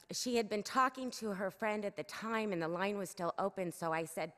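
At a city council meeting, a middle-aged woman gives an earnest, urgent public comment through the podium mic, her plea emotional. She speaks at a normal speed with a medium-pitched, steady, fairly bright voice, and the chamber sounds echoey.

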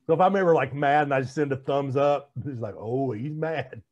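A man's voice: mid-range voice, fast talker, darkish tone, muffled recording. A man co-hosting a casual podcast, telling rambling stories in a chatty way. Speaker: podcast co-host. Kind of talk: casual chat.

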